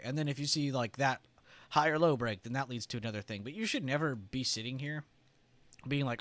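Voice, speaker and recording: A man talking through a casual livestream in a loose, chatty way, leaning on "like" and "right?". His throat is irritated, and he keeps clearing it. The sound is dry and close, with mid-range pitch. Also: animated, brisk, fairly bright tone, no room sound. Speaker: trading stream host.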